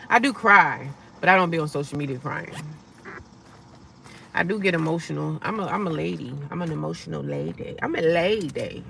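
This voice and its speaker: Chatty gravelly-voiced woman in her car. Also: low voice, normal speed, pushed and bright, recorded from a distance, slight background noise. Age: middle-aged. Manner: chatty, upbeat, self-encouraging, sassy asides. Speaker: vlogger living in her car. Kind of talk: casual live-stream chat. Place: inside her parked car. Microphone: phone.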